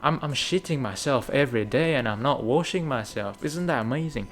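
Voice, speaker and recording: A man's voice: mid-range voice, lively intonation, brisk, a bit bright. A young man from Indonesia telling his life story in a rambling, candid way, dropping "right?" and "mate" and swearing often. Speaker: gaming video creator. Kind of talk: casual personal storytelling.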